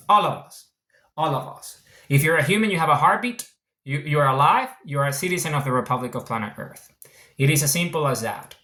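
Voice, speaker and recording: A man's voice: on the high side, sharp tone, reverberant. A man from Venezuela with a mixed international accent, an author talking casually about his book, earnest and repeating his points. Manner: earnest, repetitive, circles back on his points. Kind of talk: casual explanatory monologue.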